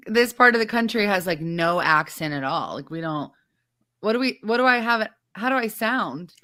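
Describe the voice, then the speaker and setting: A woman co-hosting a casual podcast chat, telling stories in an animated, excitable way. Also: mid-range voice, normal speed. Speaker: podcast co-host.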